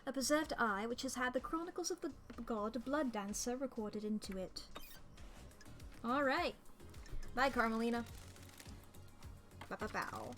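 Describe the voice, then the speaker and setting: A woman's voice: fairly high pitch, a bit bright. A woman streaming a game, chatting casually and playfully, thinking aloud and humming silly noises. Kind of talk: casual gameplay commentary. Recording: game music behind.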